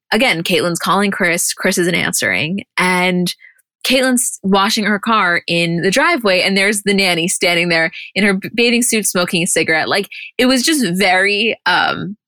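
A woman's voice: medium pitch, no echo. Woman co-host, dry close sound. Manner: animated, swears freely, retells scenes acting out quotes. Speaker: podcast co-host. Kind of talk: casual recap chat.

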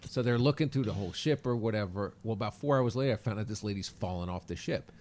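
A male comedian telling a rambling, animated story with restarts and curses. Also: fairly low pitch, fast talker, a little hiss or hum. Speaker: comedian guest. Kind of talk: comic storytelling.

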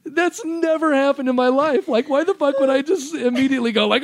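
High gravelly man, laughing storyteller. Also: brisk, few pauses, no room sound. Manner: rambling, profane, laughs often. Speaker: podcast guest, former adult-film editor. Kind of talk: casual storytelling chat.

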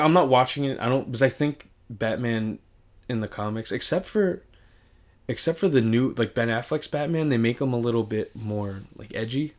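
A man's voice: mid-range voice, normal speed. A young man co-hosting a casual chat, rambling with lots of swearing and restarts.

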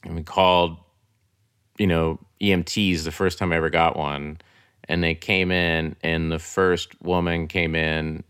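Here is a man from Oklahoma chatting easily as a guest, scattering "you know" and "like" through his sentences. His voice is very low and deep, and it comes across clean and smooth. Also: unhurried, dry recording, studio quality. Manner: relaxed, full of fillers like "you know" and "like". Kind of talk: casual interview conversation.

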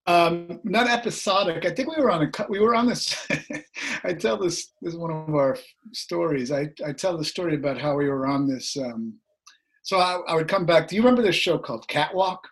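Middle-aged man, slightly hoarse, raised pitch, lively anecdote teller on a video call. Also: moderate pace. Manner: animated, laughs while telling anecdotes. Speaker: guest musician. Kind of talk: casual storytelling.

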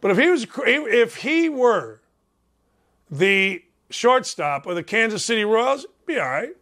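Brash sports-radio host in his fifties, high bright voice, hammering points in a rant. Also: sing-song, a little slow. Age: 50s. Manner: brash, emphatic, repetitive ranting.

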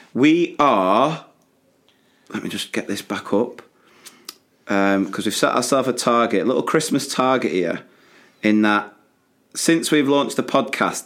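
Here the primary-teacher co-host has a lowish, fairly bright voice. He chats animatedly on the casual podcast, frequently venting and laughing.

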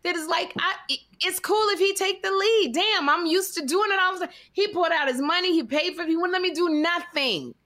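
Bright-voiced woman telling a lively story. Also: very high voice, a little fast, hardly any pauses. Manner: lively, acts out voices in her stories, laughs often. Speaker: guest telling dating stories. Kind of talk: animated storytelling on a talk show.

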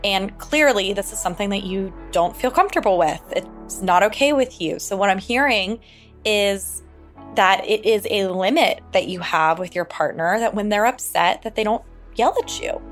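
A woman hosts a relationship advice podcast at a mid pitch. She talks straight to the listener, calm and explanatory. Soft music sits faintly behind her voice. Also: normal speed. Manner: calm, explanatory, direct address.

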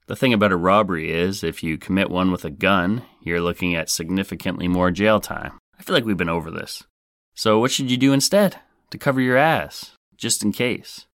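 A man's voice: sits low, normal speed, a bit bright, no room sound. A man hosting a comedic true-crime podcast, narrating in a wisecracking, sarcastic, playful way into a close microphone. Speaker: podcast host.

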